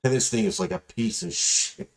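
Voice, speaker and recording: A man's voice: on the high side, unhurried, vocal fry. A man hosting a podcast, telling rambling, profane stories in casual chat and acting out the people in them. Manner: rambling, profane, animated storytelling with voiced quotes. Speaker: podcast host.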